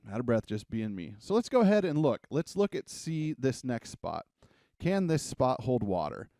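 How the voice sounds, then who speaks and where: With a mid-range voice that swings widely in pitch, this mellow-toned coding tutor talks at a normal pace over clean, echo-free studio sound. His whiteboard lesson is casual and jokey, full of self-mocking tangents, and he sounds a little breathless.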